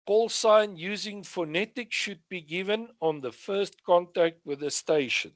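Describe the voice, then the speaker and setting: Radio exam questions get read out and answered by a man with a South African accent, who slips in short asides as he goes. His voice is high-pitched and his pace measured, with no echo in this revision lesson.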